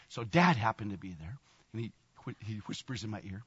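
Excitable sixty-year-old preacher, echoing hall. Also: male voice, fairly low pitch, a little fast, breathy edge. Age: 60s. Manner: animated, laughing often, exclamatory bursts. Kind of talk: sermon. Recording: long reverb, dull lo-fi sound.

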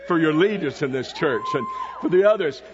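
A man's voice: a little high, wildly swooping pitch, fairly quick, in a large hall, highs cut off, a crowd in the background. A man preaching as a visiting pastor to a church congregation, telling stories and asking the people questions. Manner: storytelling, asks the congregation questions. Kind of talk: sermon. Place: church sanctuary.

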